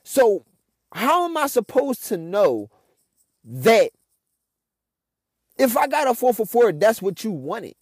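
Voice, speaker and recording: Young Philly guy as podcast host, venting in an exasperated rant, high-pitched and dry. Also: very animated, takes it slowly, long pauses, no echo. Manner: frustrated, ranting, heavy cursing. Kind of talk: casual monologue.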